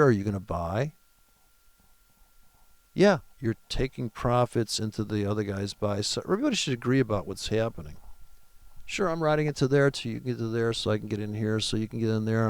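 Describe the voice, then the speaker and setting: A man's voice: medium pitch, creaky, dry recording. A man talking through his live forex trades in a rambling, profane and mocking way. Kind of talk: casual live trading commentary.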